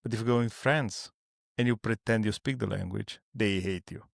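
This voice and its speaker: Creaky-voiced man, hesitant guest. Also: on the low side, normal speed, dry recording, studio quality. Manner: non-native English, hesitant restarts and searching for words. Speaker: podcast guest. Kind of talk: casual conversation.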